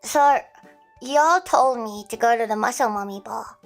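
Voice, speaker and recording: A woman's voice: a little high, unhurried, soft background music. An Australian woman chatting casually on a livestream, playful and prone to shrieking, giggly laughs.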